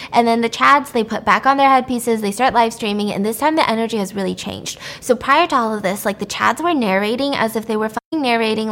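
Animated, profane woman recapping a movie. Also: fairly high pitch. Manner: animated, profane storyteller who laughs often.

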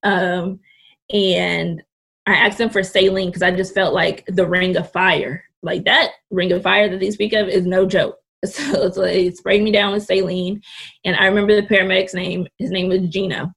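Gravelly-voiced young woman telling a story. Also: medium pitch, little pitch movement, moderate pace, a bit bright. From California Bay Area. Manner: candid and blunt, swears freely. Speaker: podcast guest. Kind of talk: casual storytelling.

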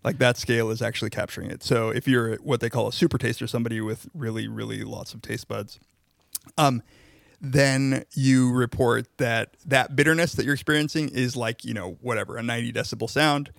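A man's voice: mid-range voice, steady tone, brisk, creaky, fairly bright tone, no echo, clean studio sound. A man co-hosting a podcast, explaining social psychology research in casual academic chat, with frequent "like"s and restarts.

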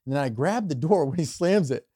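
A man's voice: fairly high pitch, lively intonation, a little fast, dark tone, no echo, studio quality. A man hosting a podcast and chatting casually, telling a story and acting out his drunk younger self. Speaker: podcast host, comedian.

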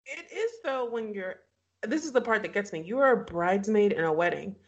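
Animated woman recapping with laughter. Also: mid-range voice, fairly quick, dull audio. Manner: animated, laughs often, acts out quotes. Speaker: podcast co-host recapping a reality show. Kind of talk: casual chat.

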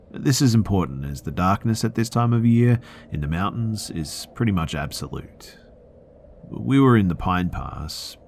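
A man's voice: a bass voice, vocal fry, darkish tone, slight background noise. A man hosting a podcast, reading listener horror stories aloud in a dramatic scripted narration that sometimes drops to a whisper.

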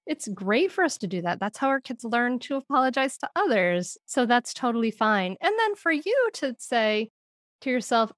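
A woman's voice: fairly high pitch, sing-song, normal speed, dry recording, clean studio sound. A woman as a podcast guest, explaining in an earnest way and laughing now and then. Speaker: guest, parenting expert. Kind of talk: podcast interview.

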